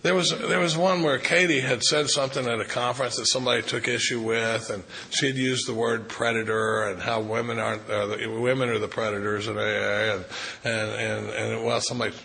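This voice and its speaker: A middle-aged man speaks at a recovery retreat with a bright, forceful voice at an ordinary pitch. He is an animated storyteller who acts out conversations and often restarts his sentences. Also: fairly quick, gravelly, poor audio. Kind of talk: recovery meeting talk, storytelling. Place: retreat meeting room.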